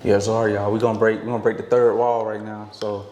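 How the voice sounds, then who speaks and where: A man's voice: on the low side, little pitch movement, quick pace, a little mellow. Laid-back Georgia man, echoey room. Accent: Southern US, Georgia. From Fort Valley, Georgia. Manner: loose, slangy, laughs often. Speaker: podcast guest, tattoo artist. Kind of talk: casual podcast chat. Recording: echoey room with long reverb.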